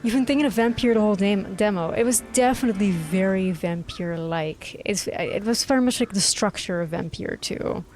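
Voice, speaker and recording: A woman's voice: medium pitch, brisk, few pauses, faint music behind. A young woman, chattily commenting on a horror game as she plays. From Netherlands. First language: Dutch. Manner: excitable, chatty, thinks aloud. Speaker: gaming streamer. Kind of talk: gameplay commentary.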